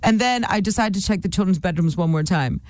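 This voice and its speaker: A middle-aged woman co-hosts a radio show and tells a story with animated energy. She acts out every quote. Her voice sounds dry and close. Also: mid-range voice, fast, dry recording. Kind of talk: casual chat.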